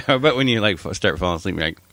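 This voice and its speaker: A man's voice: lowish voice, animated, quick pace, sharp tone, no room sound. A man co-hosting a podcast, telling laid-back stories in a casual chat. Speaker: podcast co-host.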